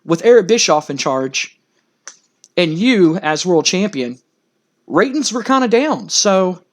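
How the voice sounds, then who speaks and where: A man voicing a commanding female wrestling boss, with a firm, announcing manner. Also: sits high.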